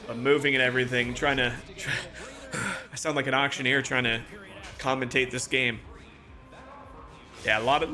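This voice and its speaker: A man's voice: medium pitch, bright, forceful tone, a little hiss or hum. A man from Toronto, Canada, streaming a hockey video game and calling the play-by-play with chatty asides. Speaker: gaming streamer.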